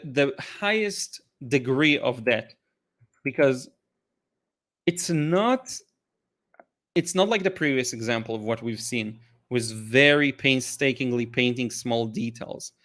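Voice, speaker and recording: A man's voice: a little high, a bit bright. A man hosting a live art Q&A, chatting casually and enthusiastically about paintings, a little tired and full of restarts. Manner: enthusiastic, rambling with restarts and fillers. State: tired, yawning. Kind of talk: casual livestream chat.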